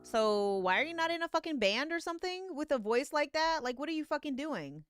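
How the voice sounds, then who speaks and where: A woman hosting a live music review stream, talking casually with excitement, swearing and laughing often. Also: high-pitched, brisk, dry recording.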